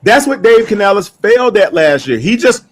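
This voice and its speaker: A man co-hosting a casual sports debate, animated and excitable, jumping in over others. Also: high-pitched, normal speed.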